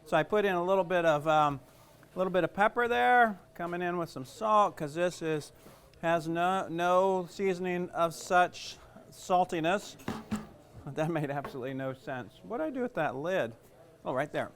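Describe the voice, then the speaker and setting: Chatty, rambling chef, a somewhat high man. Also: moderate pace, fairly bright tone, slight background noise. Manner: chatty, rambling, jokes at himself. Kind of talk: casual cooking demonstration.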